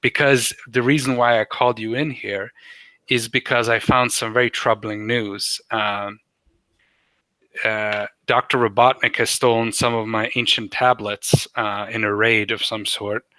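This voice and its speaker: A man's voice: lowish voice, flat delivery, a little slow, pushed and bright, dry recording, low-quality recording. A man voicing an old, wise male owl scientist who hoots and rambles through his warnings. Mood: earnest. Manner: hooting, rambling. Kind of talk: tabletop role-play voicing.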